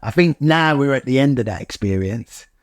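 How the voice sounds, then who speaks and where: A man's voice: mid-range voice, expressive, moderate pace, dry recording, clean studio sound. A man, hosting a casual chat with his wife and speaking earnestly and reflectively. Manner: earnest, reflective, often restarts. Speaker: host, husband.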